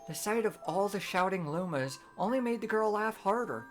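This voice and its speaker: A woman streamer reading a storybook aloud in a gentle, measured bedtime manner. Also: mid-range voice, expressive, faint music behind.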